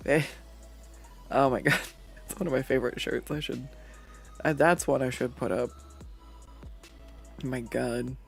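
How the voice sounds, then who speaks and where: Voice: creaky, slightly rough. Rambling, laughing art streamer. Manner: rambling, laughs often, swears casually; pitch jumps up sharply when acting out quotes. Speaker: artist streaming a drawing session. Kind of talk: casual chat while drawing on a livestream.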